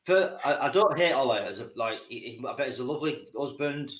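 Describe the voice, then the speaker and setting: A man's voice: mid-range voice, expressive, quick pace, a bit bright, reverberant. A man giving blunt, emphatic opinions as a guest in a casual football chat. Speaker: guest pundit.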